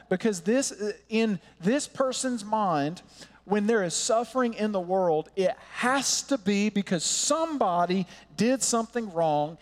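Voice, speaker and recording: A high-pitched man delivers an earnest, impassioned sermon, slowing to lean on key words. His voice rings with a long reverb, as in a church hall. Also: expressive. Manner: earnest, impassioned preaching with slow emphatic pauses. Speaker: pastor.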